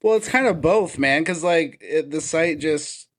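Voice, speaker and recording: A man co-hosting a podcast, chatting in a quick, jokey way. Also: fairly high pitch, expressive. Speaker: co-host. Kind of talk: casual podcast chat.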